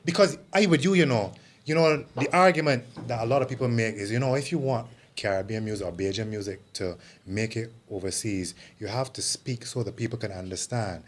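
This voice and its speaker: A man's voice: mid-range voice, slight background noise. Inquisitive man hosting a chat. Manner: inquisitive, measured, asks questions. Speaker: host. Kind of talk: casual chat.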